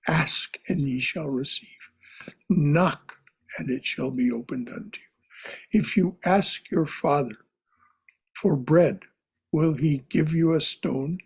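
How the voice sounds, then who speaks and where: A man teaching a spiritual class in a slow, reflective way, often repeating his phrases softly. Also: fairly high pitch, husky. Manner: repeats phrases, soft and contemplative.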